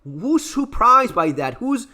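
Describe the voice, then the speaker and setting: A man from Latin America with an Argentine Spanish accent, giving emphatic, sarcastic commentary. His voice sits high and swings widely in pitch. He speaks English as a second language after Spanish. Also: big pitch swings, takes it slowly, sharp tone. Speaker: channel host commenting on clips. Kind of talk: opinionated commentary.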